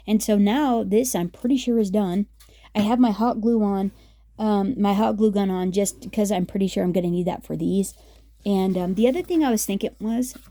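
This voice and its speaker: A woman's voice: mid-range voice, warm tone, no echo, clean studio sound. A woman hosting a casual craft tutorial, chatty and upbeat with many fillers as she works. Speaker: craft video host.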